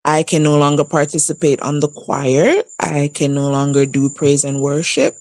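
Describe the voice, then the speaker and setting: A woman in her thirties telling a personal story casually on a live stream, laughing often and jumping high in pitch for emphasis. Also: little pitch movement, moderate pace, darkish tone, dry recording. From outside the U.S. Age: 30s. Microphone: live stream setup.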